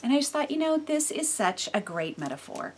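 A woman living in California gives a casual devotional Bible talk, animated and laughing often, with sudden bursts of loudness. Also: sits high, a little fast, a little hiss or hum. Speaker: Bible teacher.

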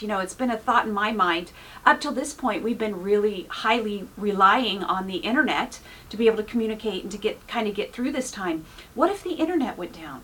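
A woman's voice: medium pitch, lively intonation, a little fast, fairly bright tone, slightly rough. A woman pastor giving an informal, earnest sermon, full of "you know" fillers. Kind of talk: conversational sermon.

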